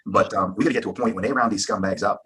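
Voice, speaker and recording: A male host rattles along at great speed in a rough, husky voice. He sounds brash and fired-up and rambles from point to point. His voice sits a little low. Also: rapid-fire, fairly bright tone. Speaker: live show host. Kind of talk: casual live-stream round table.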